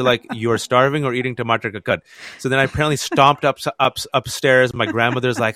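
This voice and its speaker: A man in his forties tells stories from his childhood as a guest. His delivery is lively, and his pitch jumps whenever he plays his parents and teachers. The sound is close and dry, with no room echo. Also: fast. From United States. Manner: lively, acts out family voices with big jumps in pitch. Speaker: guest author. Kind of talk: animated storytelling in an interview.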